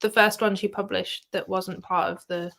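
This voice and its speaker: A woman guest in a casual reading stream, chatting in a relaxed, friendly way and laughing easily. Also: mid-range voice, normal speed, gravelly. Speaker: guest book reviewer. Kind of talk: casual livestream chat.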